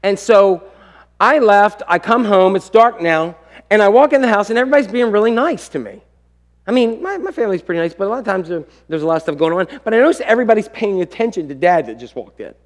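A man's voice: sits high, lively intonation, quick pace. A middle-aged man preaching a sermon, telling a family story and acting out what each person said. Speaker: pastor.

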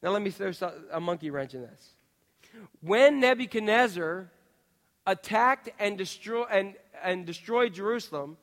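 A man preaching a sermon, peppering his listeners with rhetorical questions and swinging between quiet asides and loud outbursts. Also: high-pitched. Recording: long reverb of a large hall.

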